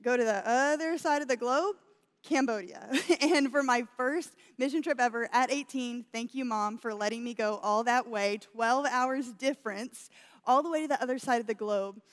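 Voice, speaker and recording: Young woman church speaker, high and bright, chatty story-led sermon, echoing hall. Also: normal speed. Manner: chatty, laughs often, says "y'all".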